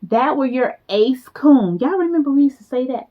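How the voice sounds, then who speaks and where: A woman's voice: high voice, expressive, moderate pace, few pauses. A woman giving a motivational talk to her viewers, casual and emphatic, repeating key phrases for weight. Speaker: motivational speaker. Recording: slightly dull lo-fi sound.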